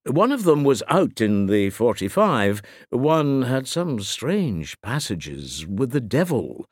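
A man voicing a curious, bookish male editor who grows excited and exclaims as he recalls old tales. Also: medium pitch, slow pace, slightly rough, dry recording, studio quality, full character voice.

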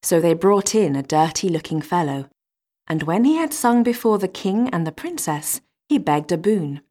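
A woman reading a fairy tale aloud in a measured, expressive manner. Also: fairly low pitch. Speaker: storyteller.

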